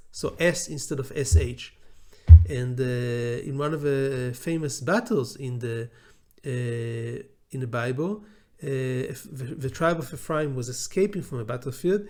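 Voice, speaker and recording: A man's voice: medium pitch, measured pace, darkish tone. A middle-aged man with an Israeli accent, a law professor giving an unscripted lecture, hesitant with many fillers and restarts.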